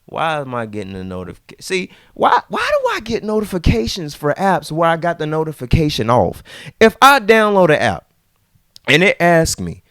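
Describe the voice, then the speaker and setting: A man ranting casually to camera in a vlog, slangy and repetitive, dropping to low mutters and jumping to high outbursts. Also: wildly swooping pitch, moderate pace, a bit bright, no room sound, studio quality. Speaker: vlogger.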